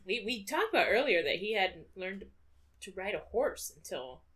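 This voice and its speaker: A woman's voice: medium pitch, normal speed. A young woman co-hosting a podcast in casual chat, laughing often and talking animatedly. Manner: laughs a lot, animated and giggly. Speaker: podcast co-host.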